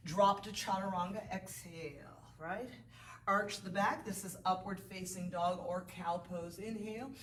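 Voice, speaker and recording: Leading a beginner yoga session, a woman with a mid-range voice chats encouragingly and calls out when to breathe. The distant mic captures a roomy, off-mic sound with faint ambience and slight background noise.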